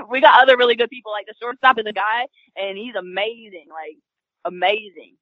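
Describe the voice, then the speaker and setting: A woman's voice: fairly high pitch, normal speed, no echo, lo-fi sound. A young woman from North Carolina with a Southern accent, chatting upbeat as an interview guest. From North Carolina, USA. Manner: chatty, upbeat, with many fillers. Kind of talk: casual interview chat.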